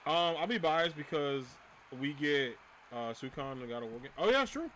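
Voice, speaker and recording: A man talking to his live stream viewers in a loose, casual way, ranting and cursing with an easy laugh. His voice sits a little high for a man and swings widely up and down as he gets worked up. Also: moderate pace, a little hiss or hum. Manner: animated ranting, laughs often, swears. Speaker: livestreamer. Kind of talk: casual livestream chat.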